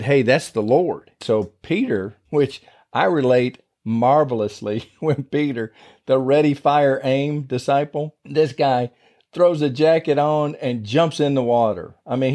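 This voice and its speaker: A middle-aged man delivers an informal podcast sermon in a mellow, warm voice. His manner is folksy and conversational, with loose everyday grammar, as though he is talking across a kitchen table. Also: mid-range voice. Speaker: podcast preacher.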